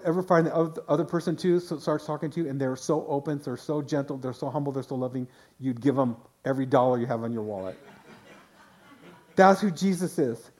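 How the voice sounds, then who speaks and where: A man's voice: on the high side, fairly quick, warm tone. A man pastor preaching a sermon in a conversational way, often restarting phrases and voicing quotes.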